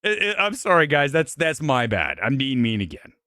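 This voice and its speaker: A man hosting a casual live movie-review stream, talking in a brash, rambling way with frequent swearing and quick laughs. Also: medium pitch, sing-song, bright, forceful tone, dry recording, studio quality. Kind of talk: casual live-stream chat reading comments. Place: home studio near Los Angeles.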